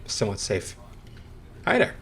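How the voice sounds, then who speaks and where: A man's voice: moderate pace, fairly bright tone. A man streaming a video game, chatting in a rambling, hesitant way and chuckling between thoughts. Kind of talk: casual gameplay commentary.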